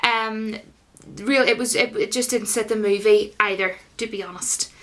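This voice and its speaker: A woman's voice: medium pitch, fairly even intonation, normal speed, a bit bright. A young woman giving a blunt, casual movie review straight to viewers, with lots of fillers. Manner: blunt, opinionated, full of fillers.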